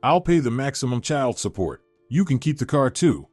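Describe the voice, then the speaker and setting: A man's voice: medium pitch, big pitch swings, moderate pace, darkish tone, dry recording, soft background music. A man voicing a weak-willed husband in his thirties, speaking in a broken, pleading way.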